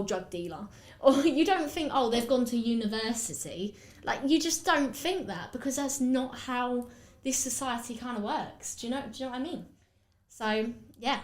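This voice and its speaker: Woman podcast host with an Essex accent, rambling casual chat, mid-pitched voice, room echo. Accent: Essex English. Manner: chatty, rambling, with frequent fillers. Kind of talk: casual podcast chat while doing makeup.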